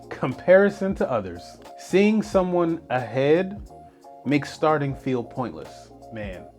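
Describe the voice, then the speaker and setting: A man hosting a motivational podcast, talking earnestly and in an animated way, often asking rhetorical questions. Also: fairly high pitch. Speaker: podcast host.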